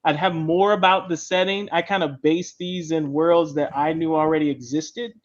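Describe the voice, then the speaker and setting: Man, high-pitched, host, casual explainer, slightly dull lo-fi sound. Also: fairly even intonation, moderate pace. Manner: chatty, explains step by step, keeps adding "right?". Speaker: show host and comic writer. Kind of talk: casual panel chat.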